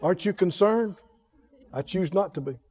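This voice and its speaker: A man preaching a sermon, leading the congregation in call-and-response and rising to shouted, drawn-out declarations. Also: high-pitched, animated, long reverb tail. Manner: leads the congregation to repeat lines.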